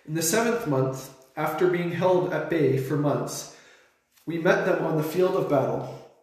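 A young man earnestly reading his own short story aloud, lifting his voice sharply for shouted lines. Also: a little high, a little slow. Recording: very echoey room.

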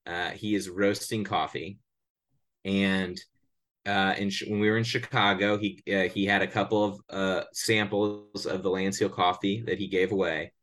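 Low-voiced man, podcast co-host, casual chat, mock-salesy, stammering restarts. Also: little pitch movement, normal speed, a bit bright. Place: his bedroom at home.

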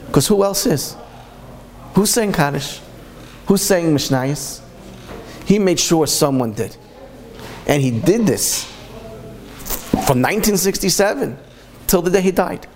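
Impassioned male preacher telling moral stories, voice sits a bit high and leaps around, faint room hush behind. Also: a little hiss or hum. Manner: impassioned, asks repeated rhetorical questions. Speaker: Torah speaker. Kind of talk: storytelling sermon.

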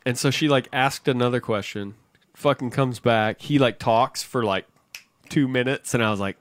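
A man co-hosting a podcast in casual chat, telling stories in an animated, profane way. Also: medium pitch, moderate pace, no room sound. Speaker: podcast co-host.

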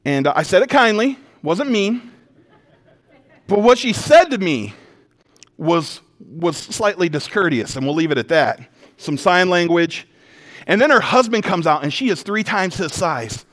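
A male pastor delivers a sermon in a notably high voice. He swings between loud, emphatic declarations and hushed intensity. Along the way he slips into casual, self-deprecating stories. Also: animated, normal speed. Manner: conversational storytelling with self-deprecating humor.

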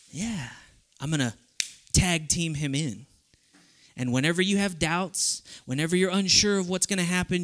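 A young man giving an animated sermon, telling stories with voiced asides and then leading a prayer. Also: on the high side. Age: young adult. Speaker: youth speaker.

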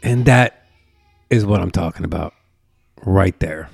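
Gravelly, profane rambling podcast host man. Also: low-pitched, unhurried, darkish tone, no echo, clean studio sound. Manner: profane, tangent-prone storytelling. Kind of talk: casual rambling chat. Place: home. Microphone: podcast mic.

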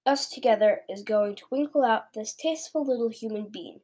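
A woman's voice: fairly high pitch, brisk, natural voice. A woman doing a bullying man-eating giant. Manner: shouting, bossy, mangled grammar. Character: huge brutish male giant, bullying and greedy.

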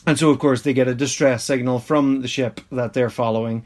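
A man's voice: medium pitch, steady tone, a little fast. A man, rambling through a casual episode recap with mock-exasperated asides and frequent laughs. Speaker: podcast host reviewing an episode.

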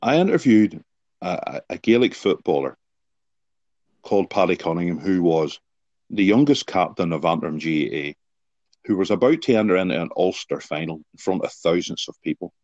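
A man's voice: deep voice, animated, normal speed, a little mellow, dry recording. A man guest on a podcast, explaining his ideas earnestly with anecdotes and rhetorical questions. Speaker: guest, sports psychology author. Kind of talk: podcast interview answers with anecdotes. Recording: dull lo-fi sound.

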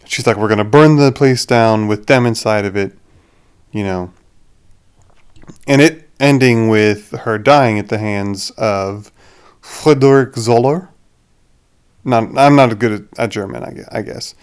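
Young man, podcast host, rambling casual movie talk, smooth clear voice, slow unhurried delivery. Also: on the low side. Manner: rambling, with restarts and laughs.

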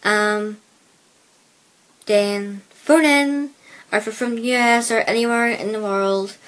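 A woman's voice: on the high side, fairly even intonation, slow pace, a bit bright. A woman from Northern Ireland with a mixed Belfast and Plymouth accent, hosting a casual solo podcast on a headset mic, rambling hesitantly with many fillers. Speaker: podcast host.

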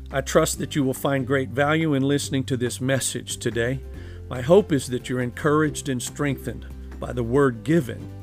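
A man's voice: medium pitch, big-room sound. A middle-aged male pastor preaching a sermon in a church sanctuary, telling stories in a folksy way with many fillers and restarts.

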